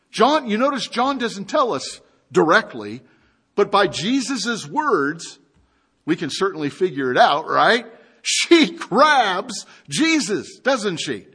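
Brief: male pastor, high voice, unhurried sermon delivery, lively storyteller asking the room questions. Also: husky. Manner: animated storytelling with rhetorical questions.

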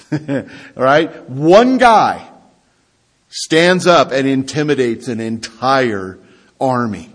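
Lively, conversational male preacher. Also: fairly high pitch, breathy edge. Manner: conversational preaching with rhetorical questions to the congregation. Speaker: pastor. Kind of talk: sermon.

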